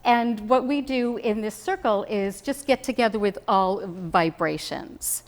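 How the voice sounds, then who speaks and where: A woman minister giving a relaxed, conversational sermon, telling stories and laughing easily, recorded on a hidden mic at a spiritual center. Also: a little high, moderate pace. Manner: chatty storytelling, laughs easily. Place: spiritual center meeting room.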